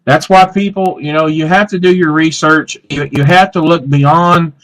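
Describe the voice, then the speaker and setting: Higher-pitched man making his case. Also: steady tone, normal speed, fairly bright tone, low-quality recording. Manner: earnest and insistent, lists points with "you know". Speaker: radio talk show co-host. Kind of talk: live political talk radio.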